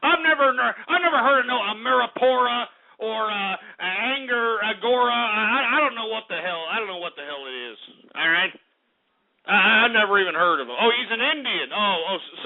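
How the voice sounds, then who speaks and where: A man hosting a call-in radio show, brash and mocking, rambling between calls. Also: high-pitched. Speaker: radio host. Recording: phone-like radio sound with faint music.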